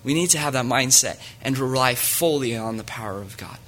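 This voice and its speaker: A man's voice: mid-range voice, animated, a little fast, fairly bright tone. A man preaching a sermon in an earnest way, reading scripture aloud to his listeners.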